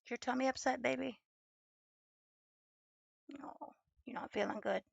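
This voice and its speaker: A young woman chatting casually at home while studying, cooing baby talk to her dog in a creaky voice. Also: high voice, steady tone, unhurried, no echo, lo-fi sound. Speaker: streamer. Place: home room with a desk and green screen.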